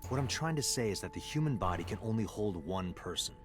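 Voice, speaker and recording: A man's voice: on the low side, expressive, fast talker, noisy background, close to an everyday voice. An actor voicing a dry, matter-of-fact male investigator in a video game. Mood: explaining. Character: gruff male detective with an eye implant. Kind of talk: game voice acting. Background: game music.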